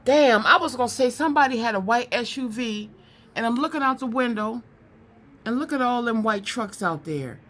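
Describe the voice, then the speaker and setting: A woman doing a psychic card reading to camera. She talks in a chatty, animated way, often repeats words, and drifts into preaching. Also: on the high side, normal speed.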